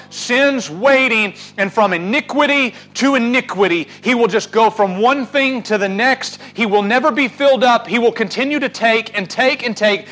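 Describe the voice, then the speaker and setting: A man preaching a sermon, swinging from loud urging to hushed, drawn-out words. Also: high-pitched, a little hiss or hum, poor audio. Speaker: pastor.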